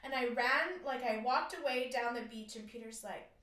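A woman's voice: fairly high pitch, moderate pace, reverberant, distant mic. A woman telling a personal story in casual conversation, acting out quotes in a raised voice. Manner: animated, acts out quoted lines in a raised voice. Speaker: guest sharing her story.

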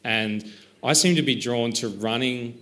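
A man's voice: mid-range voice, measured pace, bright, forceful tone. A man talking as an author in an interview, thoughtful and self-deprecating, rambling a little with restarts. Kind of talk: reflective conversational interview.

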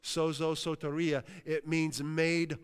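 A man's voice: a little high, flat delivery, takes it slowly, clean tone. A man from Western Pennsylvania preaching a sermon, breaking in with cries of hallelujah and checking in with the congregation. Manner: exclaims hallelujah, asks the crowd. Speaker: pastor. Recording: long hall reverb.

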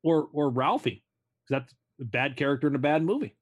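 A man's voice: medium pitch, animated, a little fast. A man co-hosting a casual podcast, earnestly and stubbornly defending his opinions. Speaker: podcast co-host.

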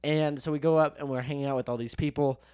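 A man's voice: fairly high pitch, steady tone, fast, darkish tone, clear, resonant tone, no echo. A young man co-hosting a podcast, telling stories in casual chat with many restarts, swearing and jokes. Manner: rambling storyteller, restarts, swears, jokey. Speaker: podcast co-host.

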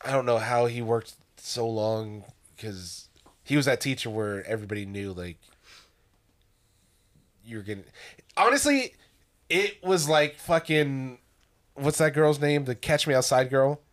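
A young man co-hosting a casual podcast chat. His pitch swings widely as he tells school stories, and laughter keeps breaking into his talk. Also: lively intonation, unhurried, long pauses. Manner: laughs often while telling stories. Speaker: podcast co-host.

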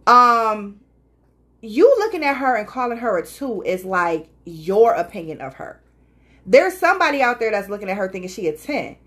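A woman's voice: mid-range voice, normal speed. A woman co-hosting a casual podcast chat, telling stories animatedly and acting out what others said. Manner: animated storyteller, quotes people in playful voices. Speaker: podcast co-host.

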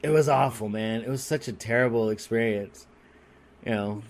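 A man telling a story on a podcast in a crude, rambling and animated way, restarting his sentences often. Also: mid-range voice, moderate pace. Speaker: podcast co-host. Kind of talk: casual comedic storytelling.

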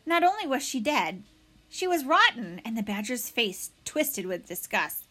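A woman reading a children's novel aloud as narrator, with expressive storytelling. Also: a little high, unhurried.

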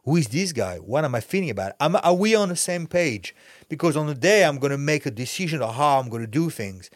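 Fast-talking French man, blunt and profane. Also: on the high side, dry recording. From France. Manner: blunt, profane, animated storytelling. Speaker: guest, actor and fighter. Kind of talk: candid podcast interview talk.

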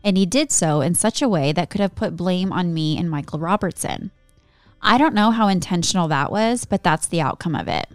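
A woman tells a true-crime story on a podcast, settling into steady narration between bouts of banter. Her voice sits a little low and comes across smooth and clear. The recording is close and dry. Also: brisk, no echo, faint music behind. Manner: giggly, chatty banter between story segments.

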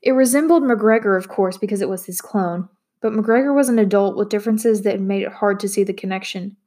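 Audiobook narrator, woman, mid-pitched, steady and expressive. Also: a little fast.

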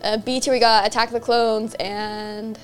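A woman with a somewhat high voice chats and rambles in a relaxed way, often circling back and restarting her sentences. Faint music plays softly behind her. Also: normal speed. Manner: chatty, rambling with restarts and laughs. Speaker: co-host. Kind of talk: casual chat.

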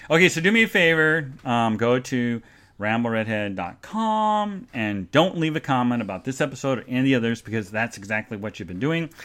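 A man's voice: medium pitch, fairly bright tone. A man hosting a live podcast show, rambling casually and reading out listener comments, with jokingly sarcastic show plugs. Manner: rambling, chatty, reads out listener chat comments. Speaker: podcast host.

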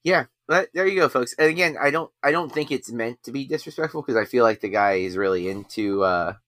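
Bright, rambling male podcast host. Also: mid-range voice, animated, a little fast, no room sound, studio quality. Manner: rambling, self-deprecating. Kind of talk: casual chat.

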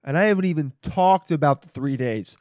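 Rambling, profane young podcast host. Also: male voice, fairly high pitch, fairly quick, a little mellow, no echo, clean studio sound. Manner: rambling, profane, self-mocking. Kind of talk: solo podcast monologue. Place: home.

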